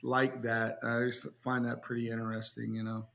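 A man's voice: mid-range voice, monotone, brisk, vocal fry, fairly bright tone. A man hosting a podcast, chatting in a rambling, easygoing way. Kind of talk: casual podcast chat.

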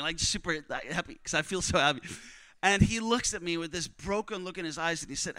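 A young man preaching, telling a missionary story with strong emotion, often dropping to a hush for other people's words. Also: high voice, animated, quick pace, dry recording. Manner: emotional, quotes others in hushed voices. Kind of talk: sermon storytelling.

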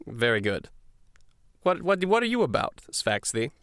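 A man narrating a tabletop game as game master, hesitant, often restarting and jumping in pitch. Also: measured pace, no echo, studio quality. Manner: hesitant, many fillers and restarts, animated pitch jumps.

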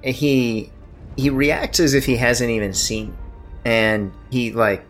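A man narrating as game master of a tabletop game, describing scenes in a measured way. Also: mid-range voice, fairly even intonation, fairly bright tone, soft background music.

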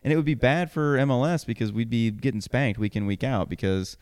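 A man's voice: mid-range voice, a little fast, a little mellow, smooth, no room sound, studio quality. A man co-hosting a casual podcast chat, rambling and correcting himself as he talks. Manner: rambling, self-correcting, laughs often. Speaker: podcast co-host.

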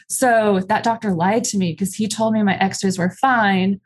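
Young adult woman, interview guest, candid and halting personal storytelling. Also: mid-range voice, fairly even intonation. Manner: candid, halting, many fillers. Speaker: guest telling her story.

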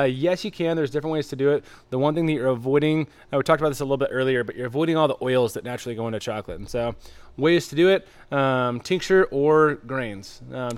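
A man co-hosting a casual brewing podcast who explains things quickly and practically. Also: mid-range voice, clean tone. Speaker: podcast co-host, brewer. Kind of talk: casual chat.

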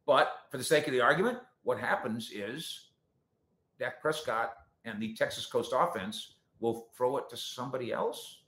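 A man hosting a sports talk show, answering viewer comments in an animated, sarcastic way that swings between loud points and quiet asides. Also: mid-range voice, normal speed. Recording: roomy echo.

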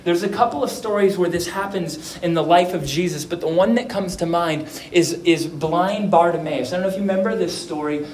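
A man preaching a sermon as pastor, earnest, moving between soft, quiet moments and emphatic stresses. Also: high-pitched, a little fast, few pauses. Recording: echoey room.

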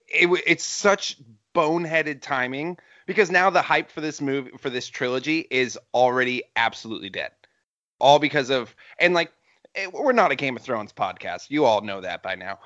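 A man co-hosting a podcast in casual chat, talking in an animated, ranting way. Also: mid-range voice, dry recording, dull audio. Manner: animated, ranting with rising emphasis. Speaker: podcast co-host.

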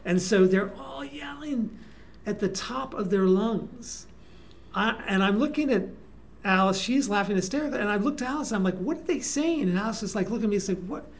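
A man, a guest performer, telling casual anecdotes in an animated way with frequent restarts. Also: high-pitched, brisk, slight background noise. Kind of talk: casual storytelling.

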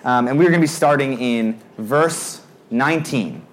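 A young man preaching to a youth group, telling a story in a lively way and acting out his own panic in character voices. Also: mid-range voice, measured pace, a little hiss or hum. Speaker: youth pastor. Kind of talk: storytelling sermon.

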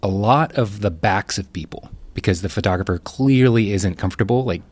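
Low-voiced man chatting on a podcast. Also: brisk, a little mellow, slightly rough. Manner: chatty, thinks aloud with fillers. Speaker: podcast co-host. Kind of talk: casual podcast chat.

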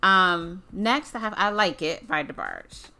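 A woman's voice: on the low side, wildly swooping pitch, a little slow, gravelly, pushed and bright. A woman co-hosting a casual music chat, playful and laughing, often acting out song lyrics in voices. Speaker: co-host.

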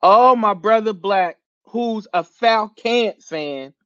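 High-voiced man ranting about football. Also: takes it slowly, dry recording, lo-fi sound. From Philadelphia area. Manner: animated, laughing, slangy and profane. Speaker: podcast host. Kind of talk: casual sports rant.

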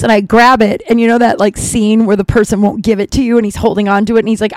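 A woman's voice: a little high, little pitch movement, fast, hardly any pauses, no room sound. A woman in her thirties tells a long, wandering story on her podcast. Her chat is casual and full of asides and filler words. The recording is dry, with no room sound. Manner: chatty, rambling, lots of "like" and asides. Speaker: podcast host.

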